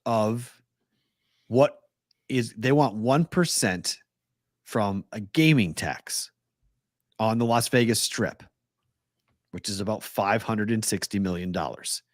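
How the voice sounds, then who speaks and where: A man's voice: on the low side, slow pace, pauses often, dry recording, clean studio sound. A middle-aged man with a Boston accent, co-hosting a casual sports talk show and telling stories with frequent laughs. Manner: chatty storyteller, laughs often. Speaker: co-host.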